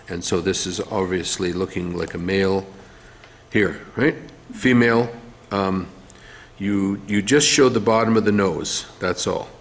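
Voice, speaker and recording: A man's voice: deep voice, a little hiss or hum. A man teaching art, talking through a face drawing one step at a time while he draws, with some fillers. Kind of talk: drawing tutorial demonstration.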